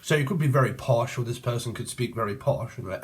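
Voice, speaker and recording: An English-accented man reads tarot off the cuff, his voice at an ordinary middle pitch. He free-associates loosely and throws in crude jokes as he goes. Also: quick pace. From Cambridgeshire, England. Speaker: tarot reader. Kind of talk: casual channeled tarot reading.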